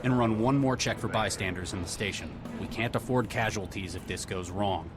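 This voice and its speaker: Man playing a calm low-voiced Texan negotiator. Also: close to an everyday voice. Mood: steady. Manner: measured, persuasive. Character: calm middle-aged male negotiator doctor. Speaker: negotiator doctor. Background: game music.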